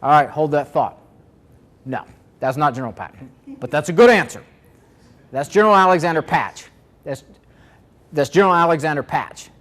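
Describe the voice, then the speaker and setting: A man with a slightly high voice presents a marketing seminar. He talks in a loose, conversational way and keeps putting questions to his listeners. The room around him has a live audience. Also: lively intonation, normal speed, long pauses, a bit bright.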